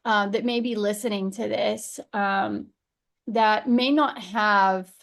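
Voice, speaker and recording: A woman's voice: medium pitch, steady tone, takes it slowly. A woman with a Southern American accent hosting a virtual summit, asking questions in a chatty way with many fillers. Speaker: summit host. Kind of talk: casual chat.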